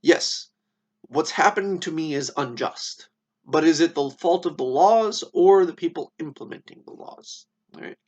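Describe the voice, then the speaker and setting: A man voicing an absurdly polite, stubborn old male philosopher who reasons calmly. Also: fairly high pitch, measured pace, voice pushed up. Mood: earnest. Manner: calm, reasoning, politely defiant.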